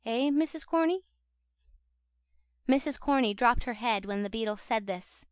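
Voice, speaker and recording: A woman narrating an audiobook of a classic novel in a measured, expressive reading voice. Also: fairly high pitch, no echo, clean studio sound. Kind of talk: scripted literary narration.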